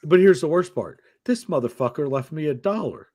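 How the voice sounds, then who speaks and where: A man's voice: fairly high pitch, fairly quick, slight background noise. A man hosting a casual podcast, telling a story with lots of swearing and acting out the other people's lines. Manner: profane, animated storyteller acting out quotes. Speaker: podcast host.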